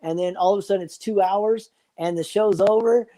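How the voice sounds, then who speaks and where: A man's voice: high voice, brisk, mellow. An older man joking and rambling profanely as a guest on a live stream, calling in from his phone. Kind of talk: casual live-stream chat.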